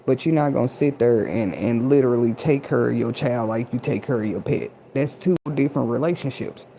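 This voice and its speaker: A woman hosts an inspirational livestream, speaking directly to her chat audience. Her voice is gravelly, with a dark, mellow tone. Her delivery is casual and preachy. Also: very deep voice, brisk, a little hiss or hum. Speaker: livestream host.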